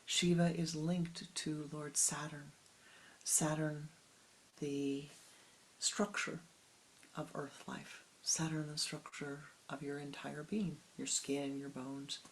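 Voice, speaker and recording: Slow soft sermon voice, keeps slipping into whispers, lots of pauses, faint hiss under it. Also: mid-range voice, level tone. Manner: unhurried with long pauses, halting restarts. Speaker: spiritual teacher. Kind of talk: meditative sermon.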